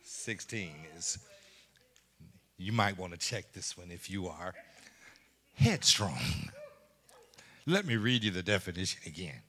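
A man's voice: low voice, sing-song, takes it slowly, long pauses, fairly bright tone. A man preaching a sermon as pastor, with laughing asides and call and response to the congregation.

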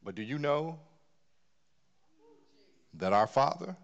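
A man preaching, in a fairly high voice. He swings from hushed, almost whispered lines to loud, driving emphasis, and he stacks repeated words as he builds a point. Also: sing-song, slow, creaky, muffled recording. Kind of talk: sermon.

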